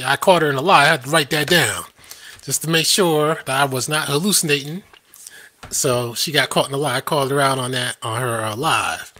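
A man's voice: mid-range voice, pushed and bright. A man hosting a live stream, ranting in a combative, scoffing way and laughing at his own points.

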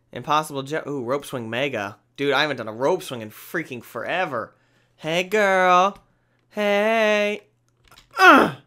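A man hosting a gaming video, talking through his play in an excitable, exclamatory, rambling way. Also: mid-range voice. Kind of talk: let's play commentary.

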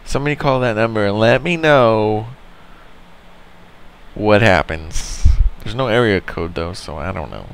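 A man giving casual, excitable commentary while playing a video game, reacting out loud and swearing often. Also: fairly low pitch, unhurried, gravelly, smooth. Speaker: let's play gamer.

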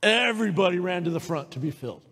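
Animated woman preaching in a reverberant hall. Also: on the low side, fast, slightly rough. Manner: lively storytelling, calls for amens. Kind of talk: sermon. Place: church sanctuary.

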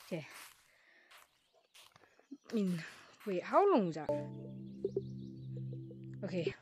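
A woman's voice: lowish voice, very animated, takes it slowly, over music. A woman giving casual, reactive commentary while playing a game, often talking to herself. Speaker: gaming creator. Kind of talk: live gameplay commentary.

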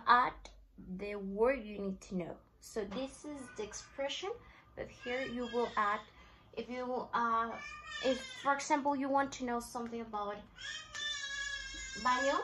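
Slow, careful woman teacher. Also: a little high, a bit bright, slight background noise, rough recording. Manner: slow, repeats phrases carefully for learners. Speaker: English teacher. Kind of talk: classroom language lesson.

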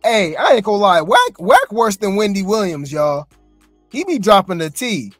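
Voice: mid-range voice, very animated, moderate pace, dry recording, faint music behind. A gossip commentary host reacting to clips, chatty, slangy and incredulous.

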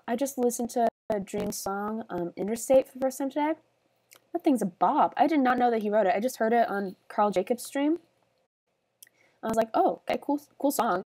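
A tearful, sniffly young woman talks on a gaming stream in a soft, halting ramble full of fillers. Her voice sits a little high, and the sound is close and dry with no room around it. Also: dry recording. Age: young adult. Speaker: livestreamer. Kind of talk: casual stream chat while gaming.

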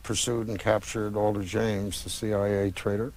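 An author in his sixties answers questions at an easy, wandering pace. He stops and restarts often as he recalls names and dates, filling gaps with soft hesitations. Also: lowish voice, level tone. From United States. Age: 60s. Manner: reflective, meandering with many pauses and restarts. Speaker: author interviewed about his books. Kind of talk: conversational interview.

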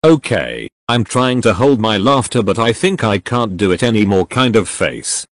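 A man voicing a cheerful, gentle young male hero who teases and giggles, in a fan audio drama reading. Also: on the low side, very animated, normal speed, no room sound. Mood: playful. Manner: giggly, teasing, apologetic.

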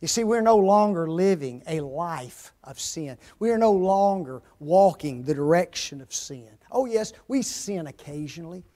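A man preaching a sermon with emphasis, asking his listeners rhetorical questions and swinging between loud, rising stress and low, quiet drops. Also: lively intonation, moderate pace, hardly any pauses.

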